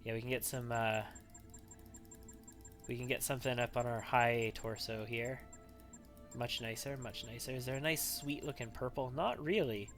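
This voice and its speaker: A man's voice: mid-range voice, fairly even intonation, moderate pace, pauses often, fairly bright tone, faint music behind. Man musing through gameplay choices. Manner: thinks aloud, musing and wavering over choices. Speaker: let's play host. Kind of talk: gameplay commentary.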